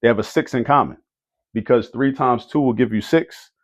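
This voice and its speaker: A man's voice: medium pitch, moderate pace. Man teaching math, repeating key words. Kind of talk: casual math lesson. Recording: dull lo-fi audio.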